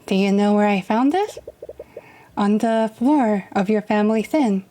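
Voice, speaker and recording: Earnest lawyer, unhurried and gentle, read by a woman. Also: mid-range voice, slight background noise, lightly acted. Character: calm male attorney, earnest and reassuring.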